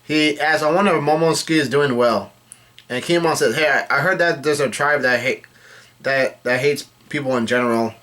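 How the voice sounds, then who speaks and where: Male reader, mid pitch, casual comic read-through with frequent self-corrections. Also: a little fast, bright, forceful tone. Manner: reads quoted lines in his own voice, often correcting himself. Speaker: manga reader.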